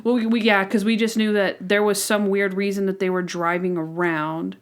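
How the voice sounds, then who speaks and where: A woman co-hosting a podcast, chatting casually and retelling scenes in an animated way. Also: mid-range voice, normal speed, clean tone. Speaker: podcast co-host. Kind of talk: casual chat.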